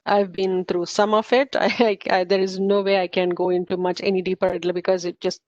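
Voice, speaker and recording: A woman's voice: medium pitch, level tone, fairly quick, a little mellow, dry recording. A woman teaching a study group in an informal lecture, explaining step by step with frequent fillers and self-corrections. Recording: slightly muffled, dull recording.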